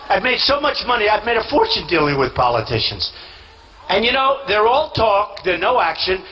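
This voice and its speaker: A man's voice: high voice, pushed and bright, slight background noise, poor audio. A man giving a rally speech as a candidate, boastful and rambling, repeating himself and acting out quoted dialogue.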